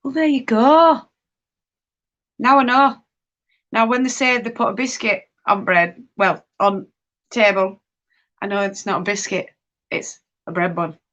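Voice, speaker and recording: Slow-talking woman. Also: mid-range voice, fairly even intonation, pushed and bright, highs cut off. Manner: chatty, reads viewer comments aloud and reacts to them. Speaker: livestream host. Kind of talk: casual live-stream chat while knitting.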